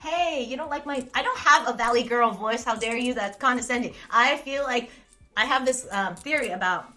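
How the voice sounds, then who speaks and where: A bright-voiced young Californian woman hosts a live stream, reading viewer comments aloud and riffing on them. She rambles, giggles and mocks herself, full of fillers and restarts, with a voice pitched a little high. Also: moderate pace, soft background music. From Los Angeles, California. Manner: giggly, rambling, self-mocking, frequent fillers. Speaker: livestream host.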